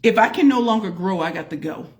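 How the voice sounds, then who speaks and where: A woman hosting a casual live stream as a pitch coach, greeting viewers by name and calling out to the audience as y'all. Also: lively intonation, fast. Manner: folksy, addresses the audience as y'all.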